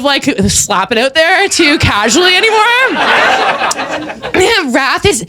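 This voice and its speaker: A woman performing a stand-up comedy set on stage before a small audience, playful and rambling, breaking into loud put-on voices. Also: high voice, expressive, moderate pace, noisy background.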